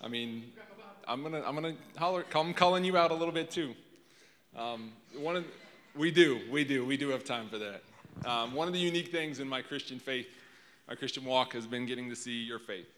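A man's voice: medium pitch, a little fast, slight background noise. A man, preaching as a guest speaker into a handheld mic, tearful and self-deprecating, rambling as he speaks. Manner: emotional, rambling, self-deprecating, warm to crowd. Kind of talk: sermon opening. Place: church sanctuary before a congregation. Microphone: handheld microphone. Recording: reverberant church hall.

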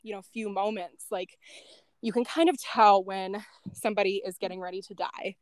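A former end-of-life caregiver, being interviewed, has a steady, mid-range voice and a moderate pace. She tells her story in a relaxed way with frequent "like" and "um" and small laughs, recorded with no room sound.

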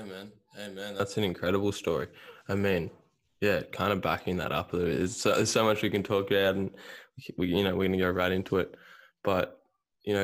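A young man hosting a podcast, talking in a laid-back, casual way full of "man" and "you know". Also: sits low. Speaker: podcast host. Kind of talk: casual chat.

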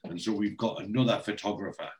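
A man's voice: on the low side, fast, darkish tone. A man with a rambling, chatty manner, casually recapping a TV episode as a podcast co-host.

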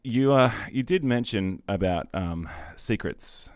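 A man's voice: on the low side, animated, measured pace, darkish tone, smooth, no room sound, clean studio sound. A man hosting a podcast, telling a story in casual chat, full of ums, restarts and small laughs. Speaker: podcast host.

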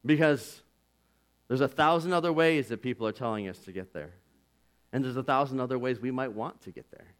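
A man preaching a sermon as pastor, earnest and conversational, swinging from loud declarations to hushed asides. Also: medium pitch, brisk. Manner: earnest and conversational, with "like" and "you know".

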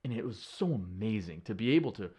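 A man who is a podcast guest, telling stories in an earnest, animated way, with casual slang and frequent restarts. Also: fairly low pitch, fast, breathy edge. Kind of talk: casual conversational storytelling.

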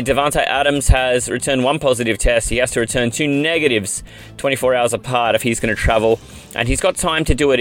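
A man's voice: medium pitch, a bit bright. A man with an Australian accent hosting a podcast, talking in a chatty, upbeat, rambling way. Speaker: podcast host. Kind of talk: casual fantasy football podcast chat.

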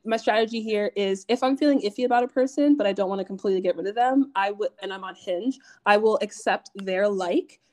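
A young woman co-hosting a podcast, telling a story in casual chat, animated and laughing often. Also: medium pitch, a little fast, hardly any pauses. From family from Nigeria. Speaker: podcast co-host.

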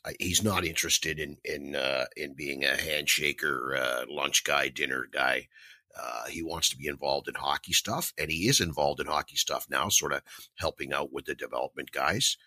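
A man co-hosting a sports talk show, speaking his mind plainly. His voice is extremely deep but bright and forceful, with a husky edge, recorded dry and close. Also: normal speed, no echo. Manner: frank, plainspoken opinions. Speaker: podcast co-host.

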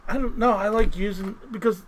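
A man co-hosting a podcast, telling rambling, animated stories full of fillers and restarts. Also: high-pitched, brisk, slight background noise, low-quality recording. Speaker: podcast co-host. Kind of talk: casual chat.

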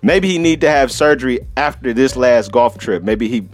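A man's voice: medium pitch, lively intonation, normal speed. A man hosting a solo podcast, telling a travel story in a profane, laughing, casual way. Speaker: podcast host.

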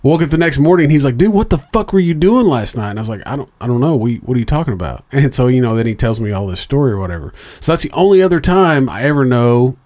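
A man's voice: mid-range voice, racing, few pauses. Profane, rambling middle-aged man telling a story. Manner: profane, rambling, animated when quoting others. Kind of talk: casual storytelling chat.

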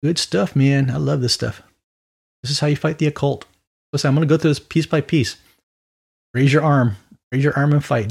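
Male preacher, mid-pitched and raspy, chatty and animated Bible teaching. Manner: conversational and animated, with quick mock voices and asides.

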